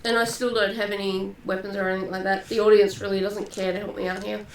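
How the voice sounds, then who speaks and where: A woman's voice: mid-range voice, flat delivery, fast talker, creaky. A woman playing a tabletop game over a call, chatty and self-mocking. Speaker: player. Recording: echoey, distant call audio.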